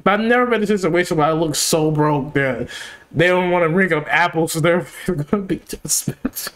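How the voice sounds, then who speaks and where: A man hosting a reaction video, chatting casually in a rambling, excitable way and swearing freely. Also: fairly high pitch, brisk.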